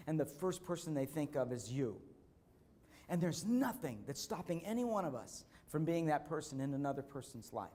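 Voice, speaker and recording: A middle-aged man giving a motivational conference speech, telling stories earnestly and slowing down for emphasis. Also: fairly high pitch, darkish tone. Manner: storytelling, earnest, slows for emphasis. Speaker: keynote speaker. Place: conference hall.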